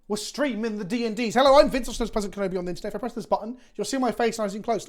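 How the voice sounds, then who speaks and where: A man's voice: high-pitched, racing, few pauses. A man from Britain hosting a tabletop game stream, chatty and teasing his friends. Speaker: host and player. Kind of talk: casual stream chat.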